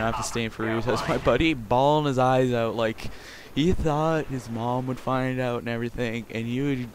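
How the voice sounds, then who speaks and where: A sixteen-year-old boy from Canada, rambling crudely and jokingly through casual gameplay commentary. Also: mid-range voice. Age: teens. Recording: game gunfire noise behind voice.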